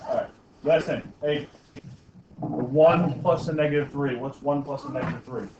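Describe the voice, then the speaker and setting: A man's voice: on the high side, moderate pace, distant mic, background noise. A man teaching a math class, joking with students and checking in with "okay?" and "right?" after almost every step. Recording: echoey, dull classroom recording from afar.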